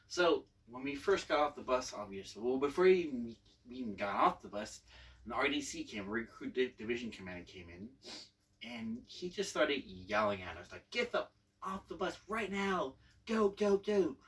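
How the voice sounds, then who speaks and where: A man's voice: mid-range voice, a bit bright, far from the mic, rough recording. Rambling man telling a casual story. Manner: rambling, many fillers and restarts. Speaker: channel host, Navy veteran.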